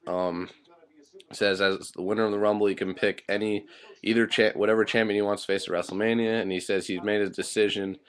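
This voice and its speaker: Man, very low voice, casual recap, rambling, filler-heavy, swears bluntly. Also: a bit bright, clean tone. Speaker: wrestling show reviewer.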